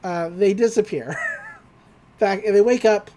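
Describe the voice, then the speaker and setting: A woman's voice: medium pitch, measured pace, warm tone. A woman co-hosting a podcast, chatty as she recaps a cartoon episode, laughing often and using plenty of fillers. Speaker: podcast co-host.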